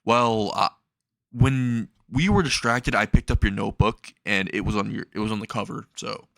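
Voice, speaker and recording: A man's voice: lowish voice, moderate pace, creaky, a bit bright, dry recording. Man doing a goofy laid-back pro hero. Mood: sheepish.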